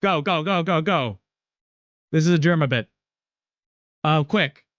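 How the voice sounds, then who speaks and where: A man's voice: a little high, a little slow, a bit bright, no echo, lo-fi sound. A man chatting casually on a live stream, joking and filling gaps with ums. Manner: joking, many filler ums, laughs often. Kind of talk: casual chat.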